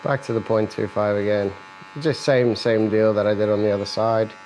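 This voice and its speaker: In a barbershop, a man with a fairly low, slightly mellow voice and a steady tone walks through a fade haircut step by step at a moderate pace, joking with his client as he cuts. The rough recording carries a little hiss or hum along with the faint buzz of electric clippers.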